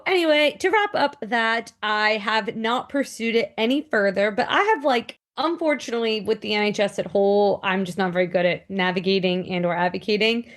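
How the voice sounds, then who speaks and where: A woman in her thirties from New York with a New York accent, a guest in a casual interview, talking in animated bursts with quick restarts. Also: mid-range voice. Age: 30s. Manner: animated, talks in bursts with restarts and quoted asides.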